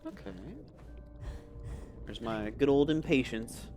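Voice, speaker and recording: A man's voice: mid-range voice, takes it slowly, loud music behind the voice. A man giving casual, rambling commentary as he plays a video game, chatty and self-amused. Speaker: let's play host.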